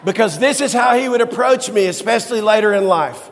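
Man, high voice, middle-aged pastor, emotional sermon storytelling, long hall reverb. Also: brisk. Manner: emotional, swings from soft low asides to high excited exclamations.

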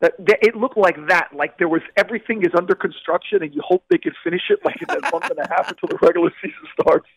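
A man's voice: high voice, lively intonation, quick pace, few pauses, fairly bright tone, slightly rough, no echo, low-quality recording. A man reporting on a baseball team in a casual, emphatic sports radio chat. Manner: emphatic, conversational, addresses the hosts as guys.

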